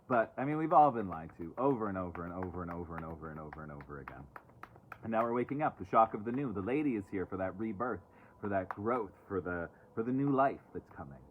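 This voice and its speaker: Outdoors and away from home, a man talks into his phone during a casual live stream where he reads oracle cards. His voice is on the low side, he is chatty, and he slips in sarcastic asides; the thin, tinny phone-line audio carries slight background noise.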